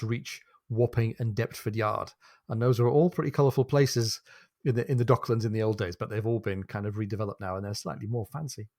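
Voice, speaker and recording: A man's voice: mid-range voice, a little mellow, dry recording. A man co-hosting a book podcast, walking listeners through the story and quoting passages from the novel. His voice sits in a middle register and comes across close and completely dry, with no room sound. He ends his stretches with a question to his partner. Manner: retells the plot and reads from the text, then hands over with a question. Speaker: podcast co-host.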